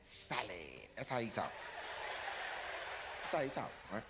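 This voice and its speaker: A man's voice: mid-range voice, normal speed. A male stand-up comedian telling a family story, repeating lines for effect. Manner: animated, with repetition for effect. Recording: live hall with background noise.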